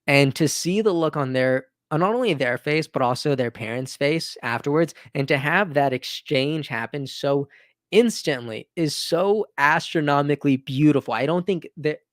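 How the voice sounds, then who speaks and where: Here a thirtysomething man runs a laid-back live stream, responding to viewers with sincere excitement. He keeps restarting his phrases and dropping in "right?". His voice is a little high, and the studio-quality recording has no room sound.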